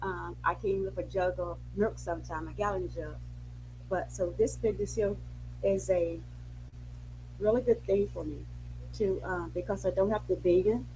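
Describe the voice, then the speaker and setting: Soft-spoken hesitant woman. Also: mid-range voice, fairly even intonation, normal speed, a little hiss or hum, poor audio. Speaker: caller giving a testimony. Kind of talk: testimony on a call.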